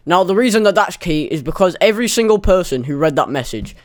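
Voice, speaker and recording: A man's voice: fairly high pitch, expressive, fairly quick, few pauses, smooth, dry recording, clean studio sound. A young man telling a rambling, sweary, self-mocking story in a casual storytime monologue.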